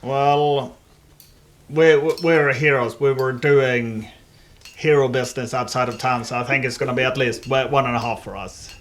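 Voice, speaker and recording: A man playing a tabletop game, speaking in a deadpan way. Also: mid-range voice, normal speed. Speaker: player. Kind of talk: casual tabletop role-play.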